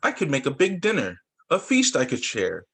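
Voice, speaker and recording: A man voicing a big, gentle, humble bear in a storybook, fretful and sighing. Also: on the high side, huge pitch swings, moderate pace, gravelly, slightly rough, exaggerated voice. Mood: hopeful. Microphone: video call.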